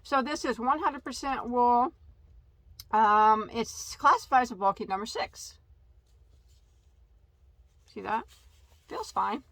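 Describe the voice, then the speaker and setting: A woman's voice: mid-range voice, a bit bright, no echo. A woman hosting a casual yarn haul video, chatty and tripping over yarn names. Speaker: crochet channel host.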